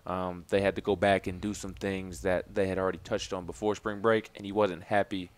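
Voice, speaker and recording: A man's voice: low-pitched, flat delivery, fairly quick. A man co-hosting a casual sports talk show, reading out coach quotes and chatting about football. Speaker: sports radio co-host.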